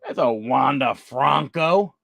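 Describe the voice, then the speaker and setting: Man hosting a card break, unhurried, dry close sound, chatty, calls out names. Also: medium pitch, animated, vocal fry, fairly bright tone, dry recording. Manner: chatty, greets viewers by name; reads off player names as he flips cards. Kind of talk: live card-opening stream chat.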